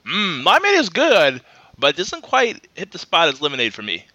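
A man's voice: a little high, wildly swooping pitch, normal speed, sharp tone, no echo. A man co-hosting a podcast in casual chat, blunt and swearing casually. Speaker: podcast co-host.

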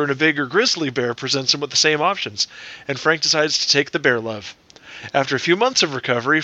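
A man's voice: fairly high pitch, sharp tone, dry recording. A man co-hosting a comedy podcast, reading listener jokes in a crude, joking way. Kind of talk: casual comedy podcast chat.

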